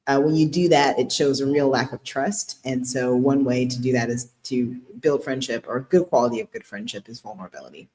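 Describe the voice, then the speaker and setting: A woman's voice: a bass voice, brisk, hardly any pauses, darkish tone. A woman co-hosting a podcast as a relationship therapist, talking earnestly and explaining things in casual chat, often breaking into giggles.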